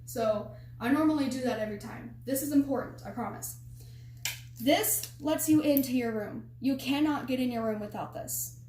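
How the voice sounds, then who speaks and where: A young woman tells a story straight to camera, chatty and animated. Her voice sits a little high, and she keeps restarting sentences and filling gaps with "like" and "um". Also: moderate pace, a little hiss or hum. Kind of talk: casual storytime vlog.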